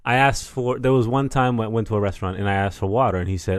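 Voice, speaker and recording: A man's voice: on the low side, quick pace, smooth, no echo, clean studio sound. A man co-hosting a podcast in casual chat, laid-back, laughing often and swearing casually. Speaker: podcast co-host.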